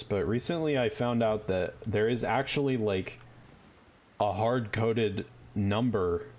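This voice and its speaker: A man streaming a game, with joking, profane, rambling commentary. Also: on the low side. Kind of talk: casual gaming commentary.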